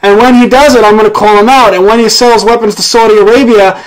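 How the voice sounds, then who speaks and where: High-voiced outspoken American man. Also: fairly even intonation, quick pace, clean tone, low-quality recording. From United States. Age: young adult. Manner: outspoken and sarcastic, swears freely. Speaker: host. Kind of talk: casual political chat.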